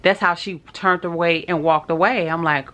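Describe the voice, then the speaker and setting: Woman vlogger, middle-aged, low-pitched voice, chatty and teary storytelling to camera. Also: fairly even intonation, moderate pace, fairly bright tone. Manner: chatty, emotional, talks straight to viewers. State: tearful. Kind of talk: casual storytelling vlog.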